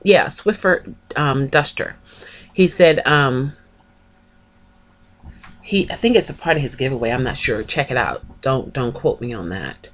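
A woman vlogger talks in a low, deep-set voice, taking her time as she chats. She gushes warmly about other channels and stops to spell out names letter by letter. The tone stays casual and conversational throughout. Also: animated, measured pace, pauses often. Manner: chatty, gushing, spells out names. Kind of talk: casual chat, shouting out channels.

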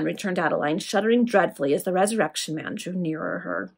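A woman reading a Victorian serial aloud to friends in a relaxed, casual way, with fillers and quick recaps. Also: fairly low pitch, gravelly, husky. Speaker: reader.

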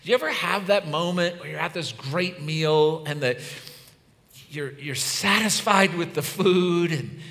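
A man in his fifties preaching a conversational sermon, swinging from loud emphasis to hushed, soft lines. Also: fairly high pitch, measured pace. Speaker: pastor. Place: church hall. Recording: long hall reverb.

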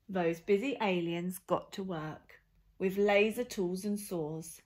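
A woman reading a rhyming picture book aloud to children in an expressive, sing-song storyteller manner. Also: mid-range voice, slow pace. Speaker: storyteller for a family charity.

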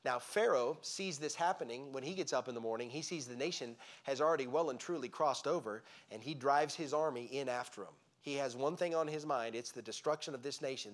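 A man teaching a Bible lesson in a church, telling the story with lively emphasis and frequent restarts. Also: mid-range voice, fairly quick, few pauses. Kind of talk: sermon-style Bible teaching. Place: church sanctuary.

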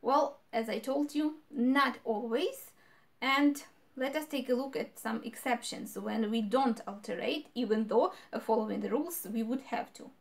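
A woman's voice: on the high side, moderate pace, vocal fry. A woman giving a grammar lesson, explaining patiently and repeating example words. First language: Ukrainian. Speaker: language teacher.

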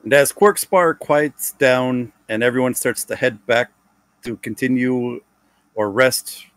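A man narrating a tabletop role-playing game as its game master, in a slow, measured way. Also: mid-range voice, dry recording.

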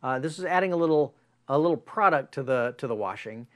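A man preaching a sermon as pastor, telling stories in an animated way. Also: fast talker. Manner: animated storytelling with big pitch swings.

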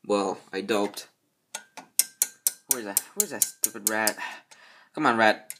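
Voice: medium pitch, slow pace, background noise, voice pushed down. A voice actor playing a rambling repairman. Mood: puzzled. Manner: rambling, filler-heavy.

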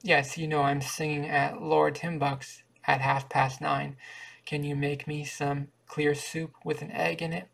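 A man reading the part of a vain, gallant male singing teacher in a flat, gravelly voice. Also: a little high, unhurried, exaggerated voice. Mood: curt.

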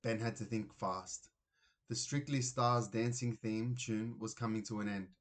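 A man narrating a children's storybook aloud in an expressive reading voice. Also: fairly low pitch, a little slow. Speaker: reader.

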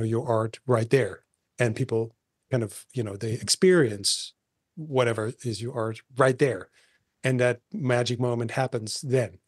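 A man's voice: mid-range voice, a little mellow, no echo, clean studio sound. A man hosting a casual interview, framing long questions with repeated words and restarts. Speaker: podcast host.

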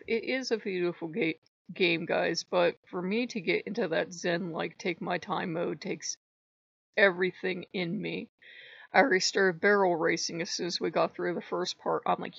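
A woman chatting to her viewers, her voice gravelly with fry as she tells an exasperated story full of laughs. The recording is dry and a little dull and lo-fi, like a home setup. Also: fairly low pitch, fairly bright tone, no echo. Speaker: vlogger on a spirituality channel. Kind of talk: casual chat.

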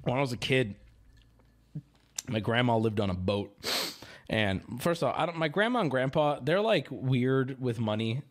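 A livestream host chats casually with his audience in a profane, sarcastic, ranting way, drifting into rambling stories. His medium-pitched voice is expressive, at normal speed, with long pauses.

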